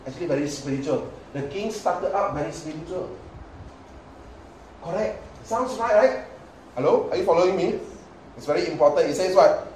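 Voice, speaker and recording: A man, preaching a sermon and often quizzing the congregation, swinging between loud and hushed. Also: a little high, expressive, moderate pace. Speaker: pastor. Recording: echoey hall mic, far off, faint noise.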